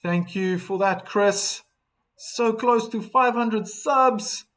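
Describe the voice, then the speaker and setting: A man's voice: sits high, slow pace, a bit bright. A man doing live tennis commentary on a stream, chatting and reading out viewer comments between points.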